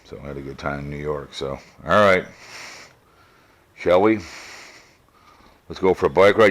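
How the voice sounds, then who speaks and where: In this backyard product review vlog, a Minnesota man talks in a low, rumbling voice at normal speed, leaving long pauses along the way. The sunglasses camera mic gives a dry, slightly bright sound that picks up his heavy breathing, and he rambles casually, drifting off with fillers.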